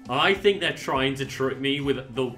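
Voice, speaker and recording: A man's voice: medium pitch, measured pace, bright, forceful tone, soft background music. A man playing a game as a guest on a let's-play, chatting casually and laughing easily. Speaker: guest player.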